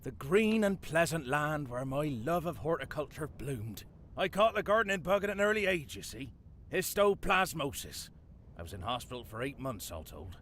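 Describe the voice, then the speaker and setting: An actor voicing a dead older English gardener with a West Country accent, dry and darkly playful, in a video game. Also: male voice, fairly high pitch, big pitch swings, moderate pace, fairly bright tone, slight background noise. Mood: wry. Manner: wry, theatrical, darkly playful.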